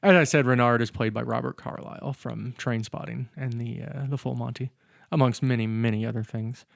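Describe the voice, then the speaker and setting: A man's voice: mid-range voice, steady tone, fairly quick, gravelly, no echo, studio quality. A man co-hosting a casual podcast about films, rambling and correcting himself as he jokes through the plot. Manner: rambling, self-correcting, joking. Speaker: podcast co-host. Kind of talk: casual film discussion.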